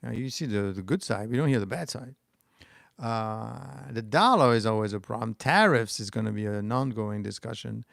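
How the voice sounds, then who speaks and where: Answering chat comments as he rambles and restarts, a middle-aged man with a French accent hosts a stock market livestream. His lowish voice is gravelly and a bit bright at a moderate pace, in clean studio sound without echo.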